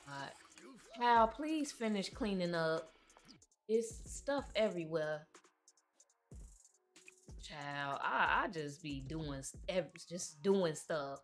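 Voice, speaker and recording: Woman, livestream gamer, unhurried chatty commentary, soft music behind. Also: medium pitch. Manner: chatty, talks to her game characters. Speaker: gaming livestreamer.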